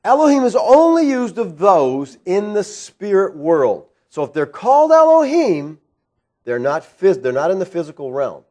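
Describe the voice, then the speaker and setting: A man's voice: high-pitched, wildly swooping pitch, moderate pace, darkish tone. A man preaching an expository sermon in a church, conversational and full of rhetorical questions, often checking in with "all right?". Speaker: pastor. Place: church sanctuary.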